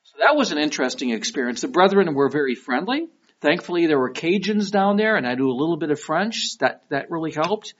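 A man's voice: fairly high pitch, a little fast. A middle-aged man from Michigan with a Detroit accent, preaching a sermon in a conversational, storytelling way. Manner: conversational, storytelling with lively quoted voices. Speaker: pastor. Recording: dull lo-fi recording.

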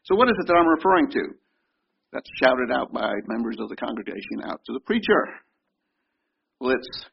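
A man's voice: a little high, sing-song, normal speed, gravelly, slightly rough, highs cut off. A man preaching a sermon in an emphatic way, repeating phrases for effect. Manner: emphatic, repeats and mimics congregation shouts.

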